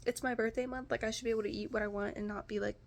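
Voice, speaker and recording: An American vlogger in her twenties rambles casually to the camera at home in her apartment, peppering her speech with "like" and "you know." Her fairly high voice moves very fast with fairly even intonation.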